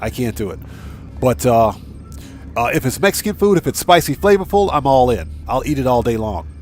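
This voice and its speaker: A man's voice: medium pitch, very animated, fairly quick, a little mellow, faint music behind. A man hosting a casual gaming live stream, chatting with viewers, thanking them by name and reading out their messages. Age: adult with a wife and child.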